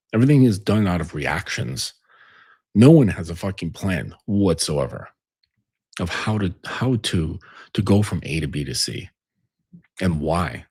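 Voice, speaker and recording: A man's voice: lowish voice, darkish tone, slightly rough. A man giving relationship advice in a casual monologue, rambling and blunt, swearing freely with lots of fillers. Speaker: relationship coach.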